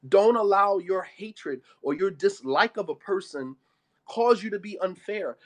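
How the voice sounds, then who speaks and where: A man's voice: sits high, lively intonation, a little slow. A man giving a religious talk on marriage, blunt and emphatic, mixing casual street talk with Arabic phrases. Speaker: Islamic speaker.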